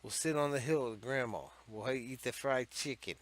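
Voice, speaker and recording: A man's voice: mid-range voice, normal speed, a bit bright, close to an everyday voice. A man voicing a folksy fellow who cheerfully invites family to picnic at a grave, in a half-hearted put-on drawl.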